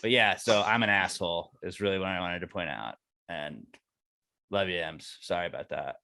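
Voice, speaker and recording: A man's voice: low voice, moderate pace, gravelly, pushed and bright, dry recording, clean studio sound. A man in his thirties co-hosting a podcast, telling a rambling, self-mocking story and swearing freely. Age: 30s. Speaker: podcast co-host. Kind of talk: casual chat.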